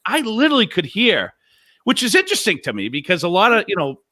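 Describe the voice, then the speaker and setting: A man's voice: sits high, wildly swooping pitch, fast, bright, forceful tone. A man with a thick Boston accent, speaking as a guest in an easygoing, upbeat chat. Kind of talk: casual chat.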